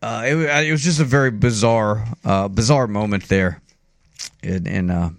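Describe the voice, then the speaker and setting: A man's voice: fairly low pitch, moderate pace, no echo. A man hosting a casual sports talk radio show, chatty with frequent restarts. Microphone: studio mic.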